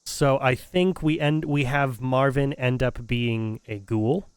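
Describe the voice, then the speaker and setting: Male game streamer, smooth voice, dry close sound, casual and hesitant as he thinks aloud. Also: medium pitch, steady tone, takes it slowly, no room sound. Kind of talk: casual live-stream commentary.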